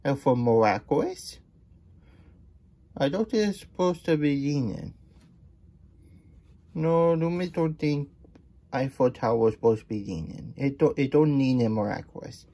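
Husky man reading a kids' story. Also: mid-range voice, lively intonation, a little slow, long pauses, dark tone. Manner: chatty, talks about himself in the third person. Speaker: children's story reader. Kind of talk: reading a picture book aloud with asides.

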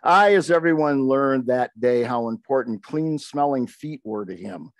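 A man's voice: medium pitch, lively intonation, a little slow, dry recording. An older man, a poet, reading aloud from his memoir with wry, conversational asides.

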